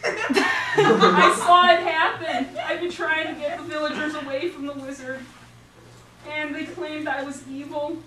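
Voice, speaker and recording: A storybook wicked witch, misunderstood and indignant, as a woman telling the tale puts her on. She speaks high and unhurried, sounding exasperated. The mic sits far off in a roomy space with steady noise behind it. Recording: roomy, distant mic, noisy.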